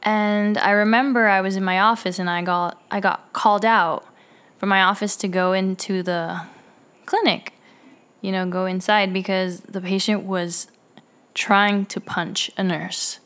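A woman's voice: medium pitch, steady tone, measured pace, fairly bright tone, clear, resonant tone. A woman who works at a dialysis clinic, telling personal stories in a rambling way, with many fillers and restarts. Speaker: dialysis clinic staff member. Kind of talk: casual personal storytelling.

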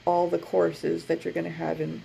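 Brief woman co-host, low and heavily gravelly voice, animated storyteller in relaxed chat. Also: moderate pace, slight background noise, low-quality recording. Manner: animated, laughs mid-story, acts out quotes. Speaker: podcast co-host. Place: her office.

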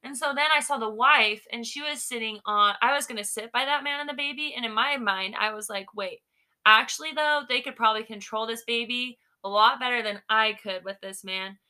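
Bright, lively young woman storyteller. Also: on the high side, brisk. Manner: animated, acts out quoted people. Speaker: podcast co-host, daughter. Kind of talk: casual storytelling chat.

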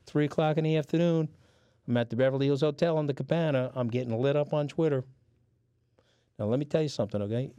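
Speaking fast in a mellow, medium-pitched voice with no echo, this middle-aged man with a New York accent is a guest on a casual chat show. His storytelling is blunt and full of profanity.

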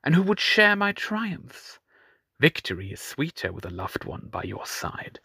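A man voicing a mocking, cruel male pirate king who taunts slowly and slyly, with sudden high mocking lifts. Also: animated, a bit bright, no echo, studio quality, full character voice. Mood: taunting.

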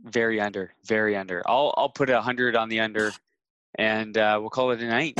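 A man from Canada co-hosting a podcast, talking in a measured, stats-minded way in casual chat. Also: fairly low pitch, steady tone, fairly bright tone, highs cut off. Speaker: podcast co-host.

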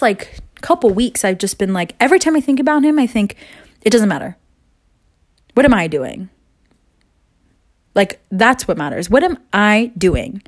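A woman's voice: on the high side, a little mellow. A woman in her twenties talking candidly in a casual personal vlog, rambling and swearing freely as she moves between rooms. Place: moving between rooms at home.

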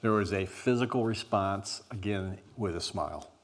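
Deep-voiced man leading a group exercise. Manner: deliberate, emphatic, with weighted pauses; says he is an introvert. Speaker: group workshop leader.

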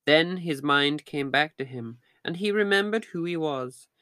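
A man narrating a fairy tale in a steady, measured reading voice. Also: a little high, no echo, studio quality. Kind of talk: storybook reading.

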